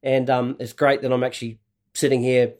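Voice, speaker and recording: A man hosting a casual podcast chat. He is excitable and restarts his words often. The sound comes from a lower-quality backup recording. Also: brisk. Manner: chatty, excitable, repeats words while thinking. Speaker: podcast host.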